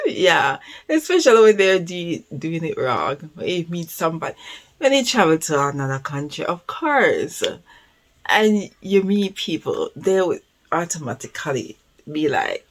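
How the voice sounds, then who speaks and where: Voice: mid-range voice, big pitch swings, measured pace, fairly bright tone. A reaction video host from Jamaica with a Jamaican accent, talking casually and often repeating "of course". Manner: chatty, repeats "of course", laughs easily.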